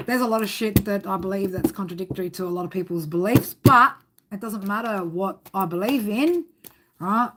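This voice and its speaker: A woman's voice: medium pitch, normal speed, very noisy. A woman reading tarot on a live stream, chatting casually with viewers, rambling, swearing a lot and laughing often. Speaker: tarot reader.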